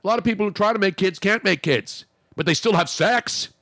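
A man's voice: sits high, fairly quick, fairly bright tone, no room sound, clean studio sound. A man hosting a sports talk radio show, joking brashly and crudely in casual banter.

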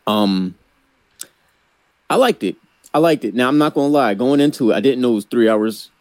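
A man's voice: mid-range voice, animated, moderate pace, darkish tone, no echo. A man co-hosting a podcast in casual movie chat, laid-back and slangy, laughing easily. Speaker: podcast co-host.

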